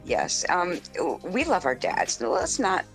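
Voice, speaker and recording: A lively, animated woman hosts a live podcast, her voice swinging widely in pitch and sitting a little low. She chats casually and laughs often, with faint music underneath. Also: slow, rough recording. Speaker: podcast host.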